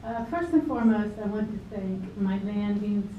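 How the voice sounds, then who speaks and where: A woman's voice: mid-range voice, normal speed, a little hiss or hum. A woman giving a eulogy at a memorial, reading a prepared speech in an earnest, grateful and slightly nervous way to a crowd in a club hall. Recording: roomy, distant, dull amateur video.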